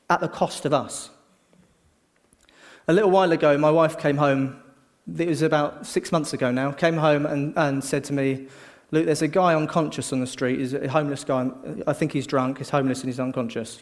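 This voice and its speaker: A middle-aged man preaching a sermon, telling the story lively and acting out the voices of a crowd. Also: fairly high pitch, big-room sound.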